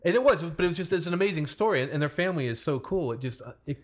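A man's voice: on the high side, expressive, rapid-fire. A man in a casual group chat, eagerly prompting a friend's story and jumping in.

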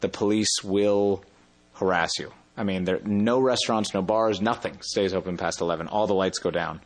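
Low-voiced man telling a rambling story. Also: moderate pace. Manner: rambling, self-correcting. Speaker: interview guest. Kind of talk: casual storytelling.

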